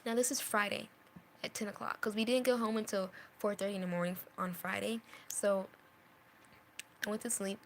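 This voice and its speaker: A woman's voice: mid-range voice, steady tone, brisk, slight background noise. A young woman telling a storytime vlog in an earnest way, repeating phrases and dropping into whispers at painful moments. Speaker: vlogger.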